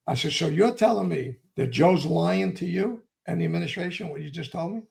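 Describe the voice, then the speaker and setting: Gravelly older New man telling stories. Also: fairly high pitch, fairly quick, few pauses, a little mellow. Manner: gravelly, streetwise storytelling, acting out both sides of old arguments. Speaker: interview guest. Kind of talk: storytelling in a podcast interview.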